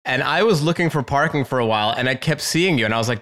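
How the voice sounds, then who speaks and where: A man's voice: medium pitch, animated, quick pace, a bit bright. A man hosting a casual chat podcast, upbeat and laughing often as he talks with his guest. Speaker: podcast host.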